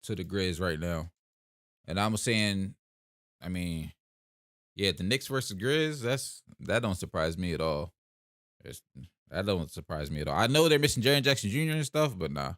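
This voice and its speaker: A man's voice: low voice, animated, normal speed, fairly bright tone, no room sound, studio quality. A young man from South Jersey with a South Jersey accent, hosting a laid-back livestream and chatting casually as he answers comments. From South Jersey, USA. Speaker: livestream host. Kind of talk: casual live-stream chat reading comments.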